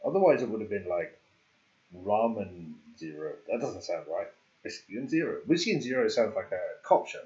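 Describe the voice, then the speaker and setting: A man's voice: on the low side, sing-song, moderate pace, a little mellow, highs cut off. Rambling, joking male game streamer. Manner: rambling, joking, laughs at himself. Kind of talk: casual livestream chat.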